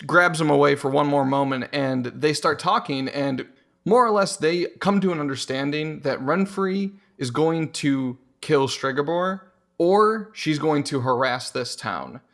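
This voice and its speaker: A man's voice: a little high, unhurried, vocal fry. A man co-hosting a podcast, casually discussing a book and acting out lines from it as he retells it. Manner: animated retelling, acts out quotes. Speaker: podcast co-host.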